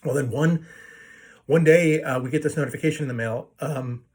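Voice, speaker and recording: A man's voice: a little high, normal speed, a little mellow, breathy edge. A man telling a long story to his viewers in a casual, profane way, full of fillers and restarts. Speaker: video blogger telling a story.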